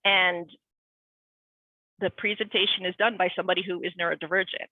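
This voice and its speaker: A woman's voice: fairly low pitch, no echo. A woman guest speaker talking casually and animatedly, tumbling into tangents and acting out quoted voices. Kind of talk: casual conversational talk. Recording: tinny phone-like line, dry.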